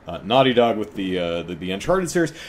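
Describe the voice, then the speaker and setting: A man's voice: fairly low pitch, very animated, fairly quick. Man, podcast host, casual, rambling, laughs often, self-correcting. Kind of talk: casual chat on a live stream.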